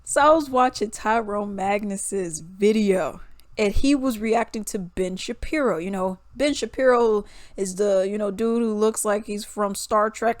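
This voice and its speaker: A woman's voice: medium pitch, moderate pace, no echo. A young woman, giving casual music commentary, laughing often and mocking songs in singsong voices.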